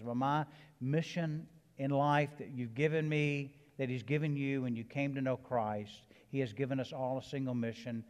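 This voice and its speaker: A man's voice: medium pitch, a little mellow, big-room sound. A man with a Southern accent, a pastor preaching a sermon with emphatic builds and casual conversational asides. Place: church sanctuary.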